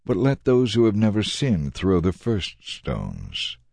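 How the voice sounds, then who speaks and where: A man voicing Jesus as a calm, authoritative teacher making measured, earnest declarations in a dramatized Bible reading. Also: on the low side, creaky, no echo, clean studio sound, exaggerated voice.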